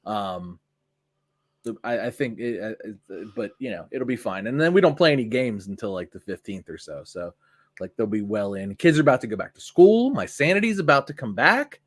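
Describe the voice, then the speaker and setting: A man co-hosting a casual podcast, talking in a rambling, animated way with frequent restarts. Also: lowish voice, a little fast. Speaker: podcast co-host; youth sports coach. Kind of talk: casual chat.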